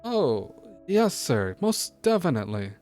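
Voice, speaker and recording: A man's voice: on the high side, sing-song, unhurried, a little mellow, faint music behind, pitched above the performer's own voice. Man voicing a curt, defiant young game hero. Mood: evasive. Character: sullen young male game protagonist. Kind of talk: reading game dialogue aloud.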